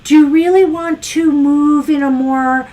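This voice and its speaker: A woman's voice: sits high, steady tone, a little slow, dark tone, poor audio. A woman co-hosting a live tarot show, musing through a casual card reading with frequent fillers. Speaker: tarot reader co-host.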